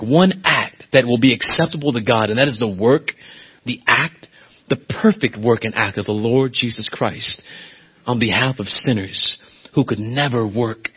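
A pastor preaching a sermon, swinging from quiet, low asides to loud, emphatic, high-pitched appeals. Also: male voice, husky, dull audio.

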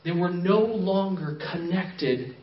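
Animated male missionary preaching, echoey hall. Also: high voice, takes it slowly, slight background noise. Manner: animated, acts out dialogue. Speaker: missionary guest speaker. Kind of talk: storytelling sermon. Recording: echoey hall from far off, dull.

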